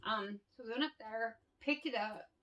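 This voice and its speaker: A woman's voice: on the high side, normal speed, a bit bright, far from the mic, lo-fi sound. A woman telling stories in a candid casual monologue, swearing freely and laughing often. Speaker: vlogger.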